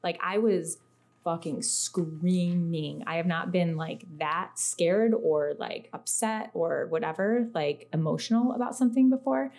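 A woman with a lowish, gravelly voice tells a story in a relaxed podcast conversation. She is animated, peppers her talk with "like", and acts out the voices of the people she quotes. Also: measured pace. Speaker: podcast guest. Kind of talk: casual podcast chat, storytelling.

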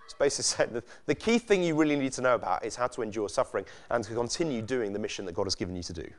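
A man's voice: mid-range voice, expressive, very fast. A man preaching a sermon in a conversational way, asking his listeners many rhetorical questions.

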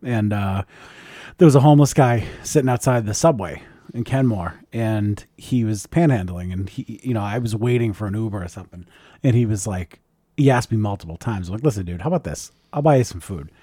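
A man's voice: lowish voice, brisk, no room sound, studio quality. A man chatting casually as a co-host, telling stories in a joking, profane way. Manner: lively, joking storytelling with swearing and laughs. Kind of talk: casual chat.

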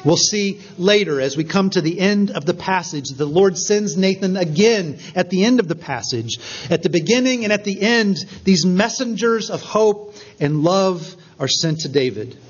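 Male pastor, emphatic storytelling sermon, somewhat high and husky, lo-fi recording. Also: expressive, moderate pace. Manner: earnest, emphatic storytelling with rising stresses.

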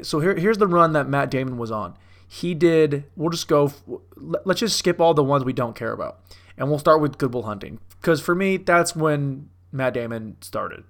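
A young man with a slightly high, fairly bright voice and some vocal fry riffs casually on movies. His rambling commentary is profane and self-mocking, much like a comic working through a bit.

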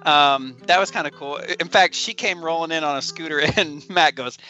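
A man's voice: a little high, normal speed, pushed and bright, highs cut off, faint music behind. A man co-hosting a podcast in casual chat, talking in a chatty way and laughing often. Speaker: podcast co-host.

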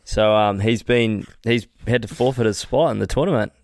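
A man's voice: fairly low pitch, moderate pace, no echo. A man co-hosting a casual comedy podcast, joking and crude as he rambles. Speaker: podcast co-host.

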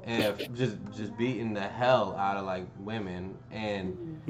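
A man's voice: fairly low pitch, a bit bright. A man hosting a casual podcast chat, hedging and trailing off as he talks. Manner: halting, hedging, trails off into mumbles. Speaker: podcast host.

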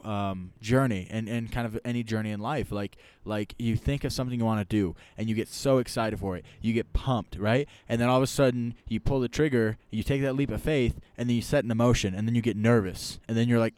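Smooth-voiced man telling a story. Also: lowish voice, no echo. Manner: animated, rambling, repeats "right?" and "like". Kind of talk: casual storytelling chat.

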